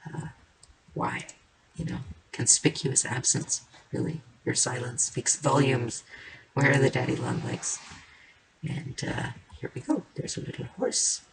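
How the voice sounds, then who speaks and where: A woman streamer talks slowly and playfully through a building session, drifting between rambling thoughts, sing-song noises and quiet murmured asides. Her voice has a gravelly, creaky edge. Loud keyboard and mouse clicking runs under everything she says. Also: extremely low pitch, background noise. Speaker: game streamer. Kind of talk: casual gameplay commentary while building.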